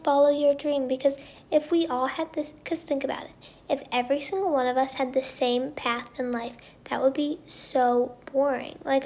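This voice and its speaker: A bubbly woman with a high, bright voice chats casually with her livestream viewers. She is upbeat and chatty, and now and then her voice sinks to a soft whisper. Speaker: singer hosting a livestream. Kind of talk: casual livestream chat reading viewer comments.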